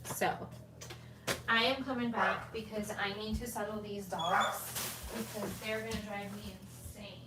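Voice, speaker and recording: A woman's voice: mid-range voice, fairly even intonation, a little slow, very noisy. A woman chatting casually as she walks through making a handmade card, talking to herself as she works. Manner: chatty, talks to herself while working. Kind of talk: casual crafting tutorial.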